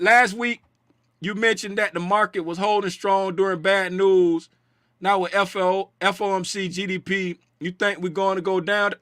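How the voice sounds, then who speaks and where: A man's voice: high-pitched, measured pace, no echo, studio quality. A man hosting a casual live stream about the market, joking with his chat in loose slang and repeating himself to drive a point home. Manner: playful, animated, reads chat names aloud and shouts bits of it. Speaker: trading stream host.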